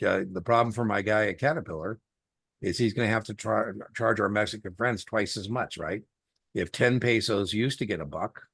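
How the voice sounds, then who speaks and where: A man's voice: fairly low pitch, gravelly, a bit bright, husky, no room sound, clean studio sound. A middle-aged man tutoring a student one-on-one over a video call, chatty and folksy, telling stories with lots of fillers. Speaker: exam tutor.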